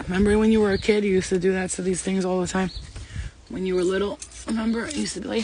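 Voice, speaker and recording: A man hosting a casual live stream as a spiritual reader, talking fast, swearing freely and joking with his viewers. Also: high-pitched, steady tone, darkish tone, a little hiss or hum. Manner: fast, profane, playful, talks straight to chat.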